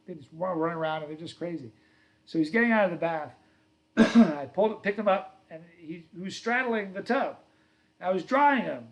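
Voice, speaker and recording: A middle-aged man hosting a casual livestream, telling rambling stories and reading viewer comments aloud. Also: high voice. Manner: storytelling, self-correcting. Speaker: livestream host.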